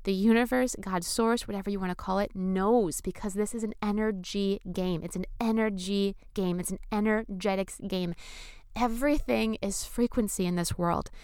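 Smooth-voiced woman talking spiritual manifestation. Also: medium pitch, dry recording, clean studio sound. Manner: enthusiastic, effusive, casual swearing. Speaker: spiritual vlogger. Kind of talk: casual spiritual talk to camera.

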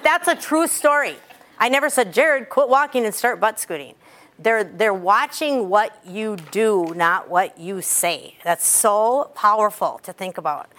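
This is a middle-aged woman coaching a room of young athletes in a chatty, storytelling way. Her delivery is lively, and she leans hard on the lines she wants them to remember. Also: medium pitch. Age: 50s. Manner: lively, chatty storyteller with sudden bursts of emphasis. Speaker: cheer coach. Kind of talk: coaching talk to a group of athletes.

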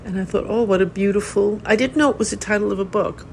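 An older woman, a Zen teacher hosting her own podcast, giving a reflective talk in a gentle, unhurried way with soft laughs. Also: medium pitch, vocal fry, slight background noise, poor audio.

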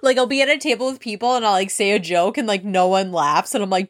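A young woman with an East Coast American accent hosting a solo podcast, talking fast, candid and profane, rambling from one thought to the next. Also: medium pitch, expressive, a bit bright, dry recording, clean studio sound. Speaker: podcast host.

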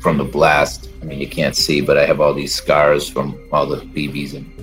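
A man with an extremely deep, low voice tells a first-person story as an interview guest. He talks in a plain, casual way and acts out the lines people said to him. Faint music plays underneath. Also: monotone, normal speed, fairly bright tone, poor audio. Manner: plain-spoken, casual, acts out quoted dialogue.

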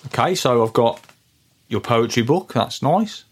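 A man hosting a comic podcast, talking in a deadpan, hesitant, rambling way. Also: mid-range voice, a little slow, breathy edge. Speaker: podcast host.

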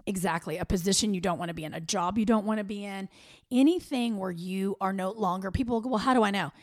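A woman with a Southern American accent co-hosting a podcast in candid, animated chat. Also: medium pitch, fast talker, no room sound, clean studio sound. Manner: animated, chatty, with playful quoted voices. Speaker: podcast co-host.

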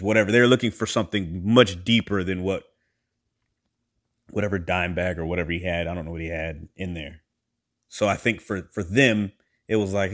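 Male podcast host, low register, casual storyteller who acts out the quotes. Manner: animated, acts out quoted voices with big pitch jumps.

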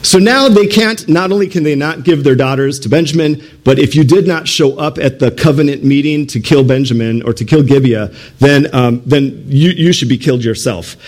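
A man's voice: mid-range voice, normal speed, hardly any pauses, a little mellow. A man preaching a sermon through a scripture passage, asking the listeners rhetorical questions and putting on pleading voices for the people he quotes. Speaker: pastor.

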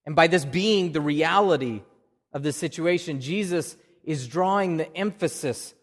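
Man, Oklahoma accent, pastor preaching a sermon, somewhat high voice, long church-hall reverb. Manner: conversational, repeats words when restarting.

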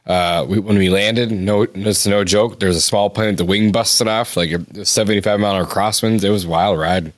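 A man hosting a podcast, chiming in with quick, sympathetic remarks in casual chat. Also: lowish voice, steady tone.

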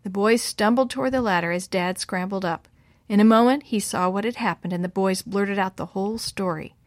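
A woman's voice: mid-range voice, a little fast, dry recording. Woman storyteller, children's story, dry close sound. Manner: lively voices for the boys' lines. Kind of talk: scripted storybook narration.

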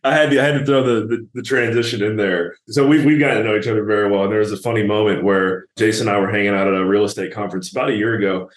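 A man's voice: fairly low pitch, reverberant. A man hosting a casual interview in a friendly manner, laughing easily. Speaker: podcast host.

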